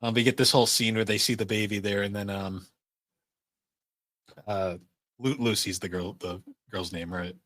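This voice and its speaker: Low-voiced man chatting casually on a podcast. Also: moderate pace, pauses often, no echo. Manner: relaxed, rambling, many fillers and frequent laughs. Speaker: podcast co-host. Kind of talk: casual chat.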